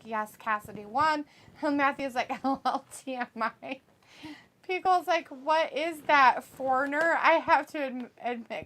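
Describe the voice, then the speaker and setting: Giggly high-voiced woman reading chat. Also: fairly bright tone. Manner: giggly, swears casually, laughs often. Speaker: co-host of a wrestling watch-along. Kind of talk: casual live chat, reading viewer comments aloud.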